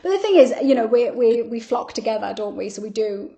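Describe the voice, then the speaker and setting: A woman guest on a podcast, telling personal stories in a candid, chatty way, full of fillers and quick laughs. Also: fairly high pitch, expressive, creaky, warm tone, highs cut off. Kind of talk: candid conversational storytelling.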